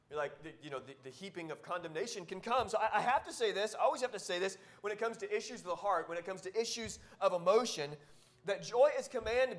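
A man pastor preaching a sermon, exhorting and repeating key phrases, swinging from loud to soft. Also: high-pitched. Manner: repetitive, exhortative preaching with wide swings in loudness.

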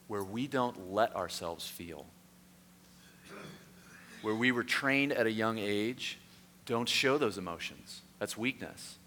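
A man preaching a sermon, telling stories with put-on voices and shouts, then turning quiet and earnest. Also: lowish voice. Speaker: pastor. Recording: long hall reverb, faint noise.

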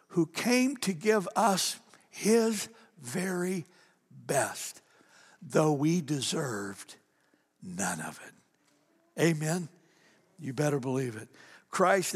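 Animated pastor in a reverberant church. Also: male voice, high-pitched. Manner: animated storytelling, swelling loud then dropping to hushed. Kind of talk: sermon. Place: church sanctuary. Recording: long hall reverb.

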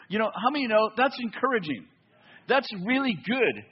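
A man preaching a sermon in a church, telling a story with lively back-and-forth dialogue. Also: sits high, brisk, husky, lo-fi sound. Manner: animated storytelling, acts out both sides of dialogue. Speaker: pastor.

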